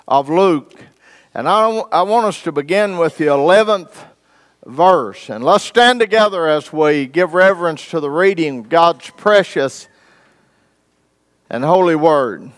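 Preaching in a smooth voice that sits on the high side, this man reads from scripture and quizzes his congregation in a homespun, folksy manner. He leans on dramatic pauses.

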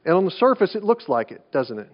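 A man's voice: high voice, big pitch swings, fast. A male pastor preaching a sermon in a conversational way, asking rhetorical questions and often restarting his phrases. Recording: dull lo-fi sound.

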